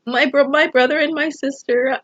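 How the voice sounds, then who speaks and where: A woman's voice: sits high, steady tone, normal speed, a bit bright. Rambling woman vlogger, lo-fi sound. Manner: rambling, emotional, full of fillers like "you know". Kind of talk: personal talk to camera.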